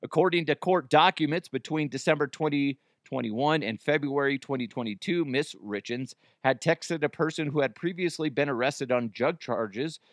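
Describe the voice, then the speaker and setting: A man's voice: mid-range voice, no echo, clean studio sound. A man hosting a comedy podcast in casual chat, joking, swearing freely and laughing at his own bits. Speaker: podcast host.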